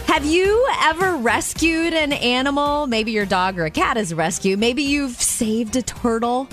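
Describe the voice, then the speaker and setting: Bubbly radio co-host woman, animated. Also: high-pitched, unhurried, faint music behind. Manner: bubbly, laughs often, animated storytelling. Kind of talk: casual radio banter and news features.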